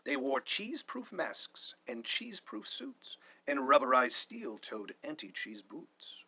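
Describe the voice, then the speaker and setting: A man reading a rhyming picture book aloud with animated delivery. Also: medium pitch, a little slow, husky. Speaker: storyteller.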